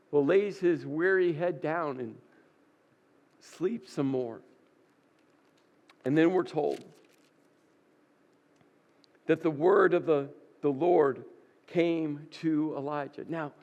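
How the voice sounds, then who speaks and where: A man's voice: on the high side, dull audio. A male pastor preaching a sermon, retelling a scripture story and acting out its dialogue with rising intensity.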